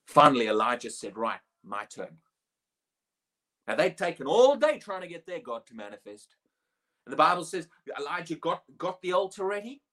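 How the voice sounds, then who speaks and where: An animated preacher in full flow, the voice climbing sharply and dropping back as it tells the story. The delivery is lively and theatrical, with short laughs breaking into the lines. The pitch sits mid-range, neither high nor low. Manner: animated, acts out the quoted speech in a raised voice, laughs often. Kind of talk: sermon.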